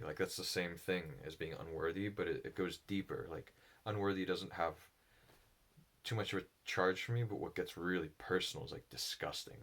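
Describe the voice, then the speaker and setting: Deep-voiced man musing alone, halting and thoughtful, slow reflective delivery. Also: a bit bright. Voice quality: low voice. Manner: halting, thoughtful, with pauses and restarts. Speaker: solo speaker on personality psychology.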